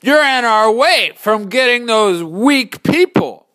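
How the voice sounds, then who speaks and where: A man voicing a crowd of big, bearded brutish male warriors in a spoken story, taunting loudly and mockingly. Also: extremely high pitch, animated, takes it slowly, clear, resonant tone, voice pushed up, full character voice.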